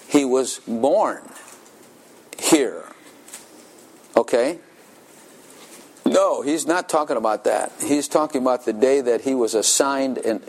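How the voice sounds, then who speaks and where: Unhurried, chuckling older male preacher. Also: medium pitch. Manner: folksy storytelling, chuckling often. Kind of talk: sermon.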